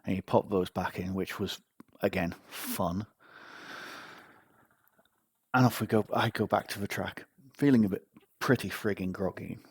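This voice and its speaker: A man's voice: deep voice, measured pace, breathy edge, no echo. A man hosting a podcast, telling a personal story in a casual, wry, self-mocking way. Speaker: podcast host.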